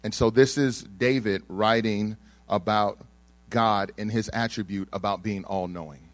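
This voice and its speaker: A young Texan man delivers a testimony sermon, recounting his own story in a conversational, joking manner peppered with ums. His voice sits on the low side, with a steady tone, a measured pace, and no echo.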